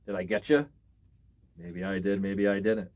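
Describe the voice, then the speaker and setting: A man reading a spooky storybook aloud, with expressive pacing and the odd stumble that he corrects. His tone drops low and hushed at the tense moments. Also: a little slow. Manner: expressive reading with small slips. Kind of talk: reading scary stories aloud.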